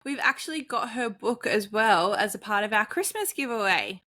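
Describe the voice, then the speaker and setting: A woman co-hosting a podcast in casual chat, telling lively anecdotes and slipping into other people's voices. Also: medium pitch, normal speed. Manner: lively storyteller, acts out others in her anecdotes. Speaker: podcast co-host.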